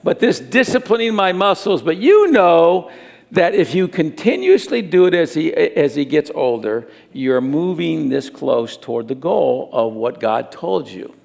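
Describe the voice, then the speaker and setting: Middle-aged male pastor preaching, lively and acting out scenes; pitched high with a raspy fry. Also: unhurried. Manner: animated preaching with acted-out scenes. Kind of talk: sermon.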